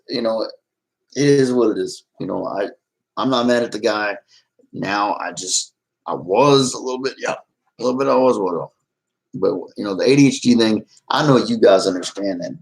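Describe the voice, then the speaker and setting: A middle-aged man talks to his live-stream chat in a rambling, off-the-cuff way, full of restarts. His voice sits fairly low and has a gravelly, fried edge. He swings between worked-up venting and sheepish apology. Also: poor audio. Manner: rambling, agitated then apologetic, many restarts.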